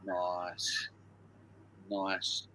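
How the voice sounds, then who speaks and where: Bright-voiced man hosting a stream. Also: low voice, completely flat delivery, very slow. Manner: banters, swears and laughs a lot. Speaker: live stream host running a music quiz. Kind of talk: casual chat reading out viewer answers.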